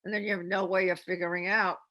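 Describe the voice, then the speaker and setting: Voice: medium pitch, little pitch movement, fast talker, bright, forceful tone. A reading teacher giving an instructional talk on phonics, explaining step by step with chatty asides.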